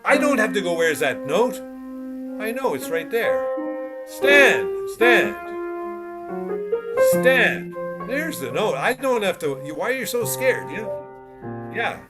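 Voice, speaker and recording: Male piano coach, slightly high voice, emphatic and repetitive, video call, piano behind. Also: very animated, normal speed. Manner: emphatic, repeats short cues while demonstrating. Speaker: piano teacher. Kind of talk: one-on-one instruction. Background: piano playing.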